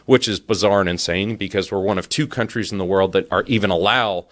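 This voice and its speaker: Heated low-voiced man ranting. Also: fairly quick. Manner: heated, repetitive, stammers when worked up. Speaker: podcast host. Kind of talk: opinion rant.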